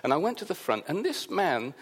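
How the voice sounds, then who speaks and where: A man's voice: fairly high pitch, a little fast, slightly rough. A man from Wales, a pastor preaching a sermon and telling a personal story while acting out what others said. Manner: animated storyteller, acts out the quoted voices.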